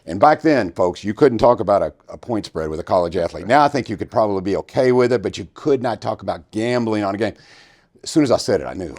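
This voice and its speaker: A man hosting a podcast, telling stories in an animated, joking way. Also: on the low side, quick pace. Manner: animated, jokey storyteller. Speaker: podcast host. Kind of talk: storytelling interview.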